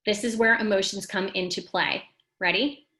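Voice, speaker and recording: A woman hosting a casual motivational talk, speaking straight to her viewers in an animated, emphatic way and reading out their comments. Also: normal speed, low-quality recording. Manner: animated and emphatic, rising high when making a point; talks straight to the audience and reads out their comments. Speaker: host of a live wellness talk.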